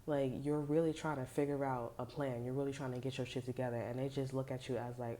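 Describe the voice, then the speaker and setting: A woman's voice: rumbling low, little pitch movement, fast, few pauses, dark tone. A woman giving a casual tarot reading to viewers, talking in a rambling, profane, slangy way with many fillers. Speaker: tarot reader.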